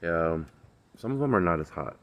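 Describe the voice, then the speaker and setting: Laid-back deep-voiced man in a garden. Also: lively intonation, a little fast, fairly bright tone. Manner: laid-back, slangy, lots of fillers. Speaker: vlogger. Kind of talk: casual chat. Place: backyard garden, outdoors.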